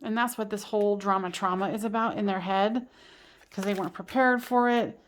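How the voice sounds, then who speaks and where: A woman's voice: medium pitch, fairly even intonation, fairly quick. A woman doing a casual tarot card reading for her channel, talking in a chatty, giggly way with lots of fillers and restarts. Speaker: tarot reader.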